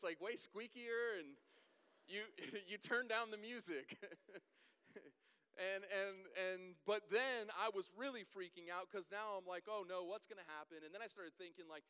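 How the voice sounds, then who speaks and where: A man in a large reverberant hall tells his testimony, bright and forceful in tone, with a smooth, resonant voice that sits a little high. He jumps into the voices of the people in his story as he goes. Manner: animated storyteller, acts out dialogue. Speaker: guest speaker.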